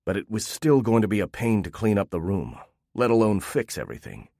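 Low-voiced man narrating a story. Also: big pitch swings, a little fast, vocal fry, mellow, dry recording, studio quality. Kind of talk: first-person story narration.

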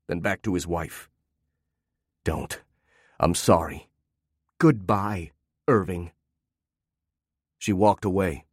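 A man narrating a fiction story in a measured, steady reading on a close mic. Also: on the low side, no room sound.

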